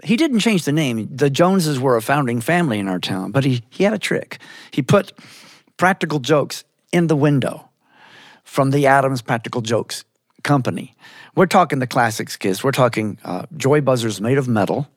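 A man from Georgia, telling a story in an animated way with chuckling asides. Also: medium pitch, moderate pace, dry recording, clean studio sound. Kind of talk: storytelling performance.

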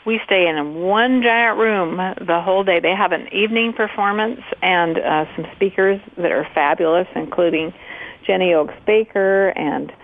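A woman's voice: fairly low pitch, moderate pace, a little hiss or hum. Upbeat woman co-hosting a radio show. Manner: enthusiastic, laughs easily. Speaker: radio co-host. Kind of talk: casual radio talk. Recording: phone-like lo-fi radio audio.

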